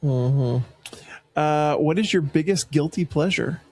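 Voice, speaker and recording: A man co-hosting a podcast, casually reading out questions and chatting in a relaxed way. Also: fairly high pitch, takes it slowly, breathy edge. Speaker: podcast co-host asking the questions. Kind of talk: casual chat.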